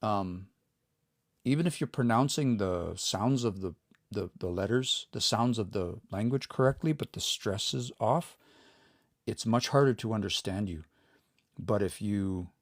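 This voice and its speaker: A man giving a relaxed livestream language lesson, explaining patiently and thinking aloud as he reads out viewer comments. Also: fairly low pitch, no room sound, studio quality. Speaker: language teacher.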